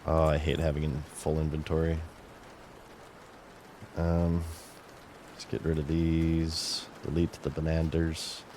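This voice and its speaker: A man's voice: a bass voice, slow pace, long pauses, a little hiss or hum. A man streaming a game, chatting casually and muttering to himself as he plays. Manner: relaxed, chatty, mutters to himself while playing. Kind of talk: casual gameplay commentary.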